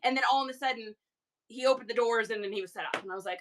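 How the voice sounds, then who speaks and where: A woman hosting a reseller livestream, telling a story casually to her chat in an animated way, with quick asides to viewers. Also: a little high, noisy background.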